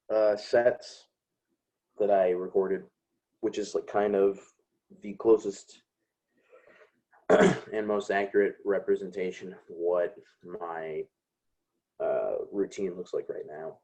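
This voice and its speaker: A man's voice: low-pitched, slow, long pauses, mellow. A young man from Chicago, a comedian guest, telling laid-back, self-deprecating stories in casual chat. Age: young adult.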